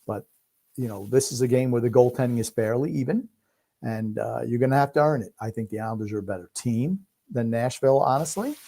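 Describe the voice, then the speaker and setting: Regular mid-pitch guy, laid-back podcast co-host, rambles with lots of uhs. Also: fairly quick, vocal fry, warm tone. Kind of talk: casual sports watch-along chat.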